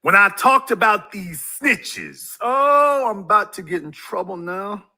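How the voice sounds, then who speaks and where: Speaking expressively and a little slowly, a man rants in a YouTube monologue, preaching to his audience and hammering them with rhetorical questions. His high voice is very bright and cutting.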